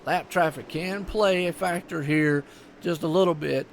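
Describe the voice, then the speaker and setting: A man's voice: fairly high pitch, fairly even intonation, unhurried, creaky, a little hiss or hum. A man with a Southern US accent giving live commentary on an online sim race in a folksy, chatty way. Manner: folksy, chatty, lots of "I tell you what" and "y'all".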